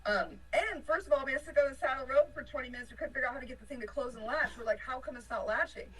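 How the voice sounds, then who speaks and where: A woman from a touring band telling an animated story in a casual interview, laughing often and swinging between excitement and panic. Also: high-pitched, racing, husky, recorded from a distance, poor audio. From United States. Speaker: band member.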